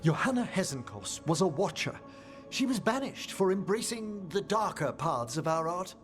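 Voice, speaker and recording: A male actor voices a refined, courteous older scholar of death magic in video game dialogue, speaking formally, measured and wistful. His voice sits high and is very animated, with a fairly bright tone, over soft background music.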